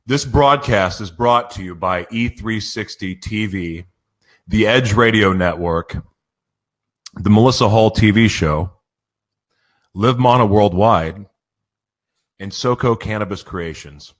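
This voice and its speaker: A man's voice: fairly low pitch, slow, pauses often. A man hosting a live radio show, giddy and emotional, gushing thanks as he opens the broadcast from a studio.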